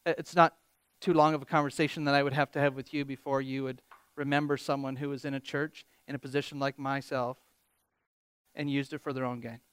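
A man preaching a sermon as pastor, animated, reading scripture with rising emphasis and joking about himself. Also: mid-range voice, a little fast, clean tone, no echo. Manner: animated, quotes scripture with rising emphasis, self-deprecating humor.

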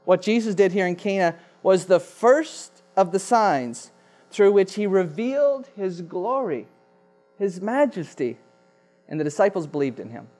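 A man's voice: sits high, animated, a little slow, a little mellow. A man preaching a sermon, emphatic and repeating key phrases for effect. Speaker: pastor.

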